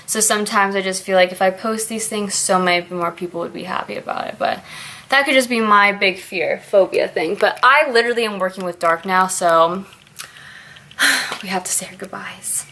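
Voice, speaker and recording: Woman vlogging to camera, chatty and rambly, laughs a lot, mid pitch, faint hiss in the background. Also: fairly quick, pushed and bright. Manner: rambling, candid, laughs often. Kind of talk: casual confessional vlog chat.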